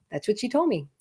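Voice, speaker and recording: Lively middle-aged woman telling a story. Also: mid-range voice. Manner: animated storyteller, laughs at her own tale. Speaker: parenting coach. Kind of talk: storytelling parenting advice video.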